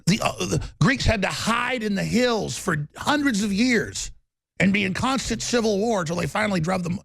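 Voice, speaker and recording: A male talk show host delivering a loud, rambling monologue with a gravelly voice, bursting into shouting. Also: sits high, animated, moderate pace, no echo. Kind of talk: ranting monologue.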